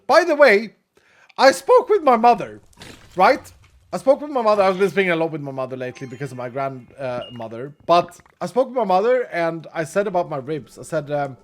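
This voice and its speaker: A man's voice: sits high, expressive, brisk. A man streaming a game, chatting casually and rambling, often laughing. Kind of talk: casual gaming commentary.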